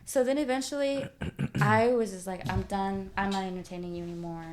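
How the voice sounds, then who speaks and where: A young adult woman telling a story in casual podcast chat, animated, swearing freely and acting out the quotes. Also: mid-range voice, fairly quick. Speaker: podcast guest.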